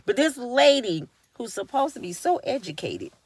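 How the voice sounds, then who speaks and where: A woman giving casual commentary, animated and acting out the voices of the people she talks about. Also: a little high, normal speed, slightly rough, no room sound. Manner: animated, acts out voices of others mid-story. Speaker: vlogger.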